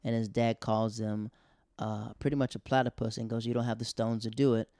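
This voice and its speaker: A young man hosting a podcast, telling funny stories casually and acting out quotes in loud raised voices. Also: medium pitch, little pitch movement, brisk, dry recording, studio quality. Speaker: podcast host. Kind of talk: casual comedic storytelling.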